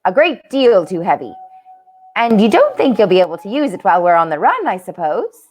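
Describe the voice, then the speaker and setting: A steady, agreeable husband beaver who speaks plainly and to the point, read by a woman in a storybook. The voice stays close to her own, with lively rises and falls. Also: medium pitch, brisk, faint music behind.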